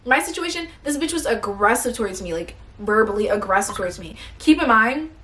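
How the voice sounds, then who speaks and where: A young woman vlogger telling a workplace story in a blunt, animated rant, swearing often and sounding tired and hungry. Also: on the high side, a little fast.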